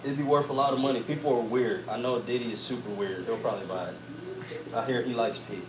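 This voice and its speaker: A man's voice: mid-range voice, quick pace, reverberant, a crowd in the background, rough recording. A man, hosting a casual talk show and telling stories with a lot of swearing. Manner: animated, swears a lot, acts out his own shouting. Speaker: podcast host. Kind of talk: casual storytelling chat.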